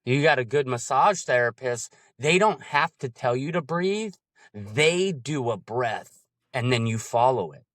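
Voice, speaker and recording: In a casual chat, a man with a mid-pitched, slightly bright voice talks animatedly about coaching, often slipping into quick impressions to act out examples. The recording is close and dry with no room sound.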